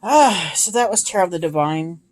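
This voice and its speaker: A woman in her thirties who reviews tarot decks chats casually and gushes about her collection, dropping lots of ums. Her voice is fairly low and animated at a moderate pace. It's a noisy home recording.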